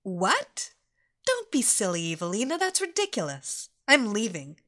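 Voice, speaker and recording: A woman's voice: mid-range voice, huge pitch swings, unhurried, sharp tone, full character voice. A woman voicing an adult woman, a former babysitter, who speaks in an eager, pleading way. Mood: flustered.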